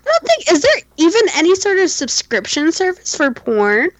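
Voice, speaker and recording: A woman's voice: very high voice, huge pitch swings, moderate pace, very noisy. A woman co-hosting a casual podcast, playful and a little hesitant. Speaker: podcast co-host. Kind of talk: casual chat.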